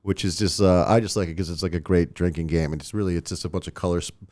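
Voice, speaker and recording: Chatty Long Island man, low voice. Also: fairly even intonation, fast talker, a little mellow. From Long Island, New York. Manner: chatty, rambling, many restarts and fillers. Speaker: toy designer, guest. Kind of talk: casual podcast interview.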